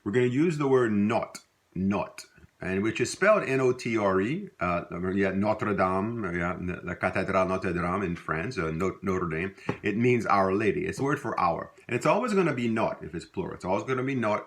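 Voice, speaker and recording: A man's voice: lowish voice, expressive, moderate pace. A man giving a recorded language lesson, patiently repeating example words with many fillers. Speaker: language teacher.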